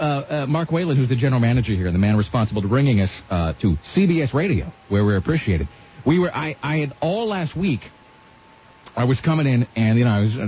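A man's voice: lowish voice, a little hiss or hum. A man hosting a radio show, telling rambling stories with lots of asides in casual on-air banter. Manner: rambling, animated storytelling with asides. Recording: dull lo-fi radio sound.

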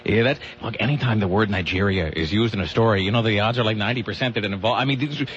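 A man's voice: on the low side, quick pace, highs cut off, a crowd in the background. A man hosting a talk radio show, bantering in a joking way with wry asides.

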